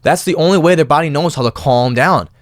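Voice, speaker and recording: A young man hosting his own podcast, talking casually and animatedly, with loud mimicked noises now and then. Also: a little high, a little fast, dry recording, clean studio sound. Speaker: podcast host. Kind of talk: casual monologue.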